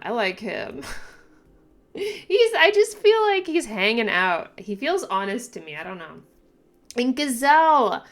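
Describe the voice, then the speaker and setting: A woman reacting casually to a manga, thinking aloud with lots of fillers and restarts, and breaking into excited exclamations and giggles. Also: mid-range voice. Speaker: manga reaction channel host.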